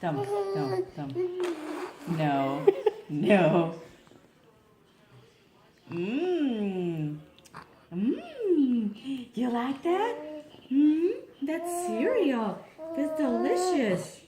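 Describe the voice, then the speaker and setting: A woman feeding her baby at home, cooing softly in baby talk and slipping between English. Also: high voice, sing-song, very slow, pauses often, reverberant. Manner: coos and speaks softly in baby talk, mixing English and Spanish. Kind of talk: casual home video, talking to a baby. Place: family home at a table.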